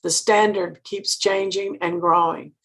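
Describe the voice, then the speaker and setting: An older woman gives an earnest motivational talk and keeps putting questions straight to her listeners. Her voice is gravelly and a little husky, with a preacherly cadence. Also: mid-range voice, steady tone, unhurried, fairly bright tone. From Mississippi, US. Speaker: sales director giving a training talk.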